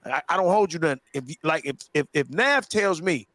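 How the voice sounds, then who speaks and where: A man's voice: a little high, animated, brisk, a bit bright, dry recording. A man hosting a podcast, ranting in a profane, emphatic way and repeating himself to hold the floor. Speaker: show host. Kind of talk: casual podcast rant.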